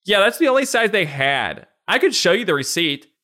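A man's voice: high-pitched, very animated, moderate pace, pushed and bright, pitched above the performer's own voice, exaggerated voice. A man voicing a sly female unicorn who fibs with breezy ease, in a comedic storybook reading.

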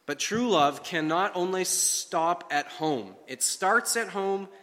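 A man preaching a sermon in a measured, earnest way, slowing down to stress key phrases. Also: high voice, expressive, fairly bright tone, in a large hall. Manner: measured, earnest delivery with slow emphatic phrases.

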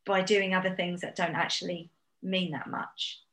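A woman speaking as a business coach guest, giving brisk, encouraging explanations. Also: on the low side, level tone, a bit bright. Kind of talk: casual interview chat. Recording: roomy echo.

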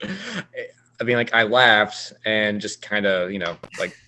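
A man chatting on a podcast, speaking very slowly with a bright, sharp tone. He hesitates and restarts his sentences. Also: on the low side, very animated, a little hiss or hum. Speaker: podcast co-host. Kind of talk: casual chat.

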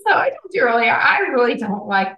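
A woman's voice: fairly high pitch, brisk, dull audio. A woman, a podcast guest and author, telling a story in conversation and acting out what others said. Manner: animated storyteller, acts out quoted dialogue. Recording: echoey room.

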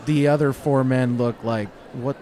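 A man's voice: medium pitch, normal speed. A man running a tabletop game as game master. He narrates casually, joking and hesitating with fillers.

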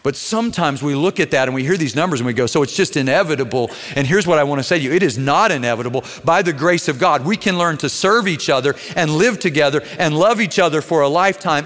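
Earnest pastor preaching in a reverberant hall. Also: male voice, a little high, fast talker, hardly any pauses. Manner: earnest, swings between quiet tenderness and raised intensity. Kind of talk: sermon.

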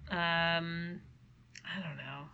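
A young woman co-hosting a casual podcast, with a bright, clear voice that sits slightly low. She jokes in a dry, deadpan way and laughs often between thoughts. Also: very slow, muffled recording. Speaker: podcast co-host. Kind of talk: casual chat.

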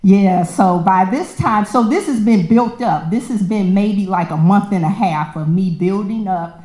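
A woman telling a personal story in a casual, lively way, acting out the voices of the people in it. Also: mid-range voice, unhurried. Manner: animated, acts out quoted voices, laughs often. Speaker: storyteller sharing a personal testimony. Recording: echoey room.

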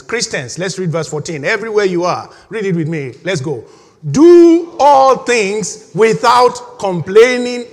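A man preaching a sermon as pastor, animated, laughing often and leading the congregation in reading together. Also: high-pitched. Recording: long hall reverb.

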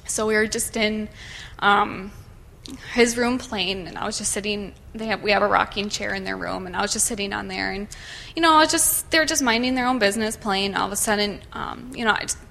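A woman's voice: medium pitch, steady tone, brisk, creaky, pushed and bright. A woman nervously sharing a personal testimony in church, hesitant and full of fillers, with a shaky voice. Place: church sanctuary.

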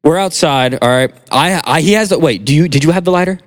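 A young man co-hosting a podcast, telling a story in casual chat, animated and laughing. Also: on the high side, fast, in a large hall. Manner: animated, laughing, sound effects in stories. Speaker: podcast co-host.

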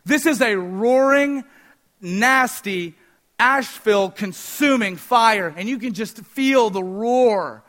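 A young man preaching a sermon, telling a story in an animated way and asking the audience questions. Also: high voice, slow pace.

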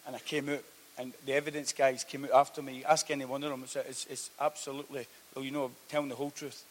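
A man preaching a sermon, telling a story that swings from hushed to loud. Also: mid-range voice, flat delivery, fast talker. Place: church hall.

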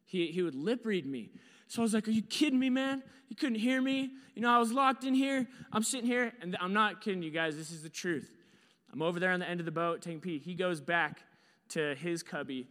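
A man preaching to a congregation, telling a personal story with lively, acted-out shouts and quiet asides. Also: high-pitched, fairly quick, in a large hall. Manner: animated storyteller, acts out his own panicked shouts. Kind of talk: storytelling sermon.

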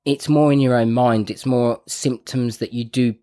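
A man talks through a podcast conversation at an everyday pitch. He rambles and laughs easily. His tone is loose and conversational. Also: fairly even intonation, normal speed, mellow. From Birmingham, England. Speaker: podcast co-host. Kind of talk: casual chat.

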